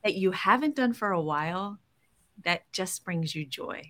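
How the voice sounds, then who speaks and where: A woman's voice: on the low side, animated, moderate pace, sharp tone. Bubbly woman hosting a podcast. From Boston area. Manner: bubbly, laughs often. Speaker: podcast host. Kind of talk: casual interview chat.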